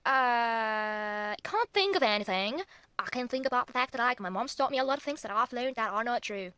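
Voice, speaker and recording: Young woman, fast rambling talk, highish voice, dry close sound, frequent swearing. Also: bright, forceful tone, dry recording. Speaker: vlogger. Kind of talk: unscripted rambling vlog. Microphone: phone.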